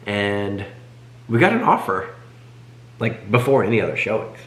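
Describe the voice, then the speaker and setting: A young man co-hosting a family channel, telling a story in casual chat with animated, self-correcting delivery. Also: fairly low pitch, normal speed. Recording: echoey room.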